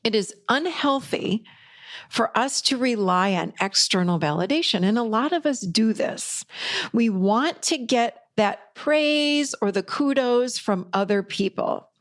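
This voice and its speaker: A woman's voice: on the high side, expressive, measured pace. A middle-aged woman, a podcast host and life coach, giving an upbeat, encouraging motivational talk with emphatic delivery.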